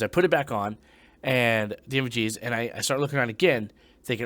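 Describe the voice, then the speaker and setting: A young man, a former Marine, telling a ghost story in a casual, profane way, dropping to hushed tones and breaking into loud bursts. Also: medium pitch, quick pace, no echo.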